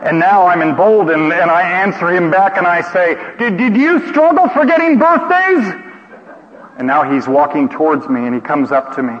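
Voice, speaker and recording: A man preaching a sermon as a dramatic story, speaking emotively, by turns hushed and shouted. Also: on the high side, fairly even intonation, fairly quick, hardly any pauses. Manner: emotive, theatrical, with hushed passages and shouted outbursts. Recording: dull sound with long hall reverb.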